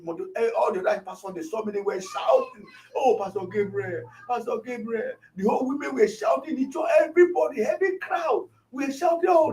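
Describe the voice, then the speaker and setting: A man, a pastor, retelling a shooting and acting out the shouts of the people around him. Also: high-pitched, far from the mic. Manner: animated, acts out shouts of others. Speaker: pastor, interview guest.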